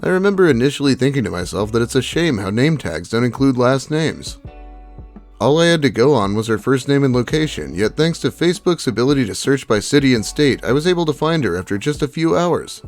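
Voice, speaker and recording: Male host, reads posts with lively pitch, dry sarcastic commentary, faint music underneath. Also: fairly quick. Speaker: YouTube host reading Reddit posts. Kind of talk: reading posts aloud with commentary.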